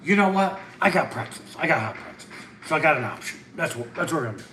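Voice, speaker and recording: A man hosting a livestream, chatting casually, excitable and rambling, hopping from topic to topic and reading out viewer comments. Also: on the high side, fast, a little hiss or hum. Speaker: channel host reading live chat.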